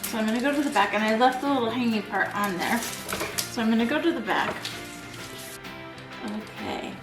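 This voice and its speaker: A middle-aged woman talks her way through a craft project in a loose, rambling way, laughing at herself as she goes. Her voice sits a little high. The room is echoey, with soft music underneath. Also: sing-song, a little fast. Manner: chatty, rambling, giggly self-deprecating. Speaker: craft vlogger. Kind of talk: casual chat while crafting.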